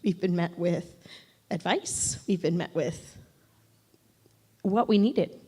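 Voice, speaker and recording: Woman, low and mellow, earnest church tribute speaker; long hall reverb. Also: slightly rough. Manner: earnest, pauses to find words. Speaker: church member giving a farewell tribute. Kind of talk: heartfelt tribute speech.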